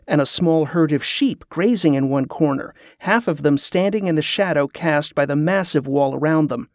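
A man reading a fantasy novel aloud as an audiobook narrator, in a steady, even storytelling manner. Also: a little high, no room sound, studio quality.

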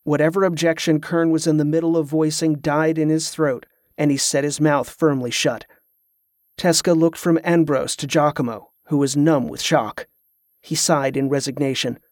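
A man narrating a novel as an audiobook, in a steady, even storytelling manner. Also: fairly high pitch, moderate pace, no echo, studio quality.

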